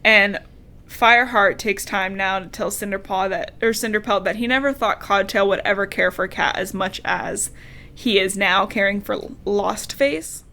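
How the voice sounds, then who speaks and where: A woman co-hosting a podcast, recapping a book in casual, animated chat, laughing and swearing casually. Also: medium pitch, moderate pace, a little hiss or hum. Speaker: podcast co-host.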